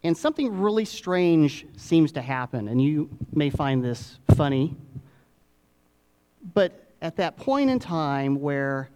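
A middle-aged man preaching a sermon, dropping to hushed asides and rising to emphatic peaks with dramatic pauses. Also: mid-range voice, smooth. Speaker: pastor.

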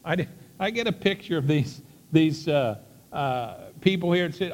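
A man's voice: high-pitched, expressive, normal speed, big-room sound. A man preaching a sermon, retelling a story in a conversational way with many repeats and restarts.

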